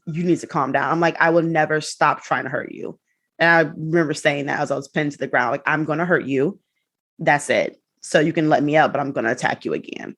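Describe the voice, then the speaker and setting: Lively woman telling a story. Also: deep voice. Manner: animated, acts out quotes with laughs and swearing. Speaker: guest. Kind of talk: casual storytelling.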